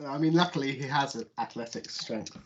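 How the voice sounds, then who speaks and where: A man's voice: medium pitch, fairly quick, noisy background. A man playing a tabletop game, hesitantly describing what his character does. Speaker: player. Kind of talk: casual tabletop play. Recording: dull lo-fi audio.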